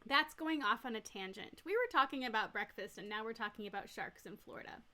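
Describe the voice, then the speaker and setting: Female nurse educator, somewhat high and bright voice, plain step-by-step lecturing. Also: expressive, brisk. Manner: clear, step-by-step explaining with everyday examples. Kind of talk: recorded teaching lecture.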